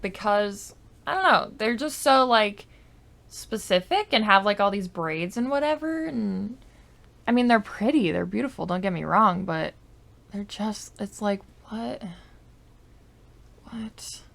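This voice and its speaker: A woman gaming YouTuber rambles casually about her game, saying "like" and "I don't know" a lot and sometimes muttering soft asides into a desk microphone. Her medium-pitched voice is gravelly with lively intonation, at a measured pace.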